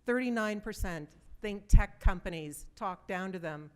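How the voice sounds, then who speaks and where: A woman in her fifties speaks from a conference stage to a live audience. Her voice is smooth and clear, sitting at an ordinary middle pitch. She talks in an easy, conversational way, mixing stories with direct questions to the listeners. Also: lively intonation, a little slow.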